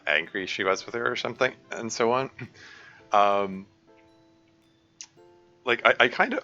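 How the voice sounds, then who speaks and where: A man chatting over his stream, hesitant and full of restarts, chuckling between thoughts. His voice sounds bright and sharp. The sound is slightly muffled, with faint music playing under him. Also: deep voice. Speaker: streamer reading a game mod. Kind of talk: live stream commentary.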